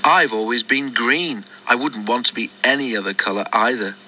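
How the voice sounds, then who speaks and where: A man's voice: mid-range voice, moderate pace, bright, forceful tone, a little hiss or hum. A man voicing a cheeky, teasing young male engine in a storybook reading, light and mocking, on a dull lo-fi recording.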